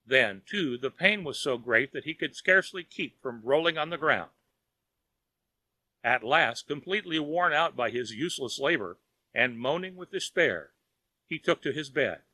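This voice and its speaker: A man narrating a children's audiobook in a lively storytelling manner. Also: fairly high pitch, moderate pace, dry recording.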